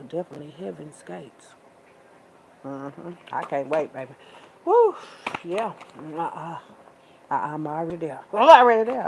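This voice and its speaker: A vlogger talks casually to the camera in a lowish voice with vocal fry, some background noise behind her. She's sassy and preachy, drawing out her words and calling listeners pet names like baby and child.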